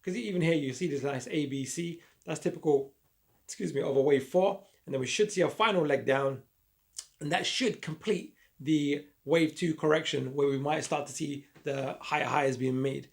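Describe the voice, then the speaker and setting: Croaky, gravelly male trading teacher. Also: on the high side, normal speed. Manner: upbeat, repetitive, talks through drawing on charts. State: croaky voice, frog in throat. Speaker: trading educator. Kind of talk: screen-share chart lesson.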